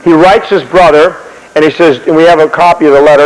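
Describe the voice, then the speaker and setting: A man's voice: a little high, quick pace. Man preaching history with a long hall echo. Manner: animated, repeats and restarts words. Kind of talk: sermon-style history storytelling.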